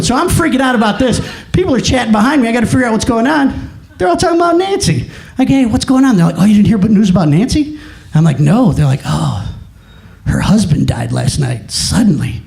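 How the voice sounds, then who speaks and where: Animated high-voiced male stand-up comic. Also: a little fast, creaky, echoey room. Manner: animated storytelling, acts out dialogue with shouted punchlines. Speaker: stand-up comedian. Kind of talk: stand-up comedy set.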